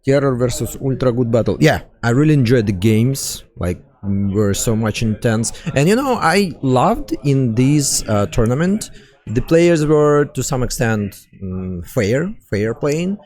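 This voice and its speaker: A man with a Russian accent, a tournament caster chatting loosely and haltingly with many fillers on a live stream. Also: mid-range voice, very animated, darkish tone. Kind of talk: casual live-stream commentary.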